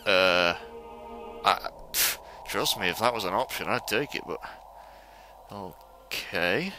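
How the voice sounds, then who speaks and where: A young man commentating a stealth video game for viewers, excitable and swearing as he plays. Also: lowish voice, slow pace. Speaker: gamer playing a stealth game. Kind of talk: let's play commentary. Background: game music.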